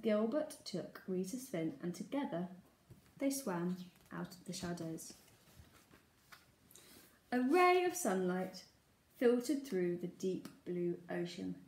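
A woman teacher from England reading a children's story aloud in a lively, expressive way. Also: mid-range voice, slow. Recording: echoey room.

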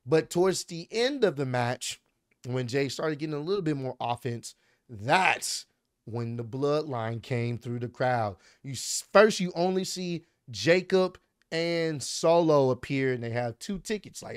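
A young man casually recapping a wrestling match, animated and excitable, with slang and swearing. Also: mid-range voice, unhurried, smooth, no room sound, clean studio sound.

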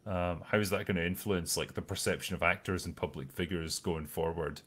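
A man's voice: sits low, a little fast, husky. A man hosting a casual online chat show, reading out viewer messages and chatting in a loose, filler-heavy way. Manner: relaxed, hesitant with many fillers.

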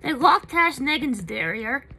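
A woman's voice: sits high, sing-song, a little slow, pushed and bright, slight background noise, voice pushed up, heavily acted. A woman voicing a cheeky, chatty puppet creature with a tail. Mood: aggrieved. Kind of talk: live puppet performance.

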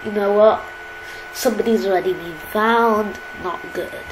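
A woman's voice: medium pitch, moderate pace. A woman hosting her gaming channel, chatting casually and poking fun at herself while she plays. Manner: chatty, self-deprecating, easily excited. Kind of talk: casual game commentary. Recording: roomy echo, faint background hiss.

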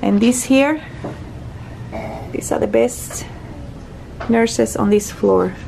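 Woman, slow, gravelly, mellow, playful sing-song, hospital room. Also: on the high side, background noise. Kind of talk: casual chat while touring a room.

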